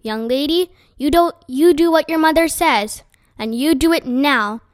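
A woman's voice: high voice, a little slow, no echo, clean studio sound. A woman reading a storybook aloud and voicing an irritable father who firmly backs up the mother. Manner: curt, firm. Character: irritable father trying to work.

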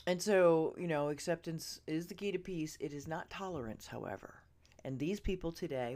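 A woman hosting a podcast, ranting straight at her listeners, swearing freely and swinging from loud outbursts to hushed asides. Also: low-pitched, moderate pace, a little hiss or hum. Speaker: podcast host. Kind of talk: ranting opinion monologue. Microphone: earbud listeners, close mic.

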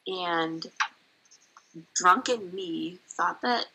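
A woman's voice: lowish voice, extremely slow, gravelly, bright, forceful tone, husky, rough recording. A young woman guest in a casual chat, telling stories candidly and swearing casually. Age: young adult.

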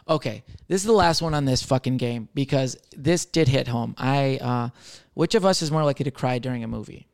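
Brisk and fry-tinged, a mid-range male voice belongs to a server in his thirties who podcasts alone. Casually answering question cards, he spins stories that are sarcastic, crude and at his own expense.

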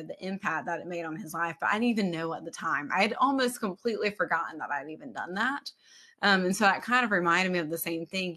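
A woman hosting a faith podcast, sharing a story in a reflective, soft way, often searching for words. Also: fairly low pitch. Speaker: podcast host. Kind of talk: casual faith podcast chat.

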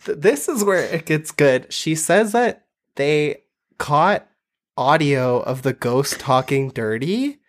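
A podcast co-host in casual chat, animated and laughing, with "like" in nearly every sentence. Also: mid-range voice, slow pace. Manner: animated, laughing, heavy use of "like".

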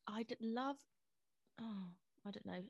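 A woman's voice: a little high, slow pace, gravelly, husky, no room sound, highs cut off. A young woman co-hosting a casual chat, rambling and hesitant with lots of fillers. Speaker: podcast co-host.

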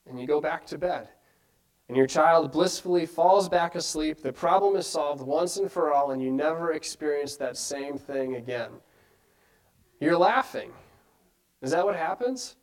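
A man's voice: fairly high pitch, moderate pace, rough recording. A man preaching a sermon in an earnest way, asking his listeners many rhetorical questions.

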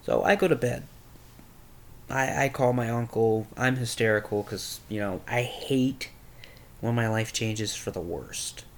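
A man's voice: medium pitch, a little slow. A young man candidly telling a personal story, rambling and swearing, as a podcast host. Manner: candid, rambling, with crude language.

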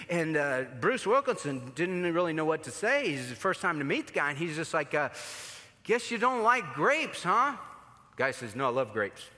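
A man preaching a sermon as pastor, telling stories and acting out the voices in them. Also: sits high. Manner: animated, acts out voices in his stories. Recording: long hall reverb.

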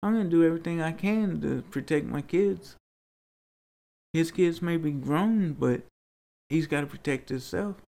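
A man speaks in an interview, earnest and rambling, sometimes pleading. His voice sits a little high and carries a gravelly fry. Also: normal speed, dark tone. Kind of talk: personal storytelling interview.

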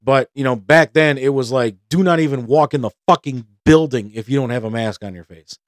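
A man's voice: medium pitch, fairly quick, no room sound, studio quality. A man hosting a podcast, telling a story in a casual, heated and profane way, acting out both sides of the conversations. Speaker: podcast host.

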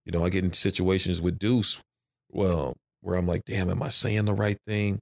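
A man's voice: low-pitched, little pitch movement, normal speed, vocal fry. A man who is a father of three, talking frankly and emphatically in a casual podcast conversation, repeating his phrases as he goes.

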